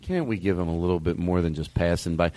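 A man's voice: low-pitched, quick pace, no room sound. A man hosting a comedy podcast, riffing playfully and egging on his guest. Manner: animated, playful, riffs and eggs on his guest. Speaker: podcast host.

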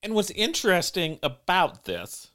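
Lively, dry-witted man co-hosting. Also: sits high, unhurried. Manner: dry, teasing prompts and corrections. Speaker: podcast co-host. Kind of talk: casual movie-review chat.

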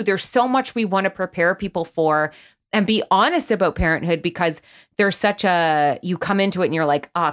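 A woman in her forties, a guest on a podcast, talking candidly and in a lively way about raising her kids. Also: medium pitch. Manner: candid, animated storytelling with frequent "like". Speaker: podcast guest, parenting platform founder. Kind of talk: casual conversational interview.

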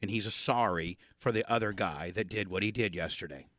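A man's voice: low voice, brisk, a bit bright, dry recording. A man hosting a radio talk show, joking and rambling in casual studio banter.

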